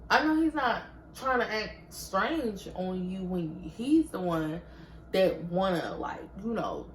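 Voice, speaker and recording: A young woman from Georgia in the US, telling a storytime in casual chat and getting loud whenever she quotes herself. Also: medium pitch, slow pace, roomy sound, slight background noise, poor audio. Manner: animated, swings loud when quoting herself. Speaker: vlogger.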